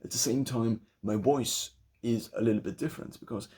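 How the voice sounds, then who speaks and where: A man's voice: mid-range voice, brisk, warm tone, breathy edge. A young man with a German accent, talking through his thoughts in a loose spoken essay, restarting phrases as he goes. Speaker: vlogger.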